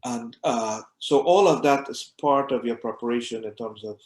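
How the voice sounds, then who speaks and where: A man's voice: medium pitch, normal speed. A man, an imam, teaching a class in a conversational way, often repeating words as he goes and acting out short examples. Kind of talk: conversational lecture. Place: mosque classroom. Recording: echoey room.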